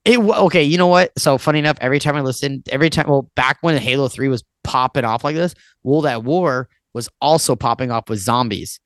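A man's voice: mid-range voice, a little fast, hardly any pauses, no echo. A man in his thirties, a musician and podcast guest, talking in a rambling, casual way with lots of "like" and frequent swearing. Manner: rambling, swears often, fills with "like".

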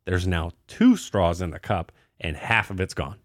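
A man's voice: deep voice, normal speed, no echo, clean studio sound. A young man hosting a podcast, telling a crude, rambling story full of swearing and fillers. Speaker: podcast host. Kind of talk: casual storytelling.

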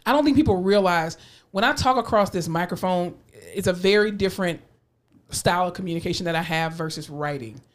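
A woman's voice: on the low side, brisk. A woman with a South Florida accent co-hosting a podcast, talking in a sassy, emphatic way with a slight drawl. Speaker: podcast co-host. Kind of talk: casual chat.

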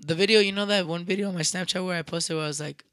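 A young man casually telling a rowdy story, profane and animated, acting out what people said. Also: high-pitched, rapid-fire, dry recording. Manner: animated, profane, acts out quotes loudly.

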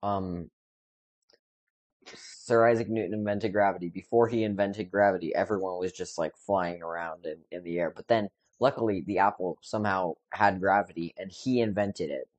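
A man on a comedy podcast delivering absurd jokes in a deadpan way. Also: deep voice, moderate pace, dry recording. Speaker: podcast co-host. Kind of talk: casual comedic chat.

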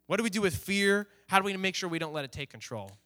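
Young guy pastor, kinda high bright voice, chatty animated sermon. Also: fast talker. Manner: casual, animated storytelling, acts out quotes. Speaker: youth pastor.

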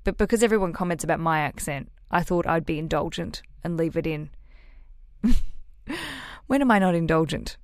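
A woman's voice: deep voice, normal speed, pauses often, dry recording, clean studio sound. A woman with an Australian accent, hosting a podcast in casual, swearing, self-mocking chat. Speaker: podcast host.

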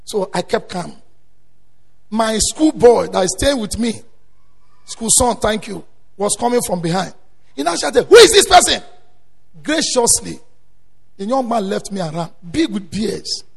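A male preacher delivering a sermon, swinging between quiet storytelling and loud emphatic exhortation. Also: high voice, animated, a little slow, gravelly, long pauses, husky. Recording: long hall reverb.

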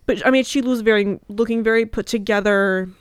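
A woman co-hosting a casual chat show, telling stories in an animated, giggly way. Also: medium pitch, a little fast, smooth, no room sound, studio quality. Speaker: co-host.

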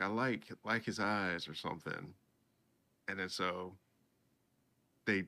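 A man's voice: low-pitched, sharp tone. A young man co-hosting a casual podcast, summarizing an episode hesitantly with many fillers. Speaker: podcast co-host. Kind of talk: casual chat recapping an anime episode.

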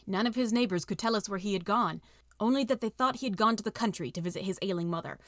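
A woman reads a story aloud in a steady, expressive narration. Her voice sits at a middle pitch, and the recording is dry and close, with no room sound. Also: quick pace, dry recording. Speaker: audiobook reader. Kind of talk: reading an AI-written story aloud.

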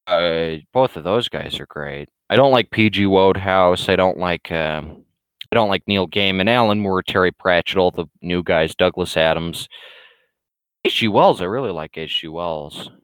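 A man's voice: sits low, normal speed, a bit bright, smooth, no echo, rough recording. A man ranting casually to camera, blunt and rambling, with many restarts and fillers. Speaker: vlogger. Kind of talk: casual opinionated rant.

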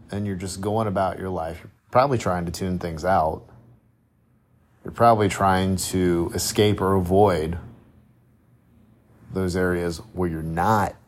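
A man hosting a solo motivational podcast, talking reflectively and conversationally with rhetorical questions and frequent restarts. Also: deep voice. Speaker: podcast host.

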